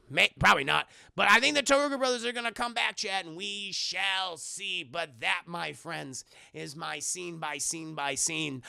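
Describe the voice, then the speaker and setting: A man's voice: high voice, gravelly, sharp tone, no echo, studio quality. A man casually recapping an anime episode, profane and chatty, talking to his chat. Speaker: anime reviewer.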